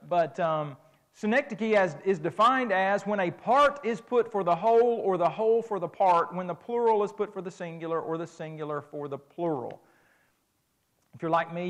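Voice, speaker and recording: High-voiced middle-aged man preaching. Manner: conversational, emphatic, restarts phrases. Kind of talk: sermon lecture.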